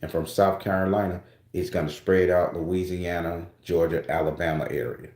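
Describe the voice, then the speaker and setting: A man's voice: low-pitched, steady tone, moderate pace, a little mellow, reverberant. A man hosting his own channel, talking casually and loosely to his viewers, with rambling restarts and frequent swearing. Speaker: spiritual channel host.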